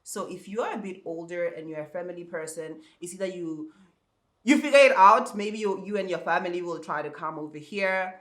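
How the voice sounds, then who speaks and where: High-voiced man with an African accent. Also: animated, fairly quick, a bit bright. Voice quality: high, soprano-like voice. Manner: chatty, repeats words, speaks straight to viewers. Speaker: ESL teacher vlogger. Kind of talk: casual advice vlog. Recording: echoey room.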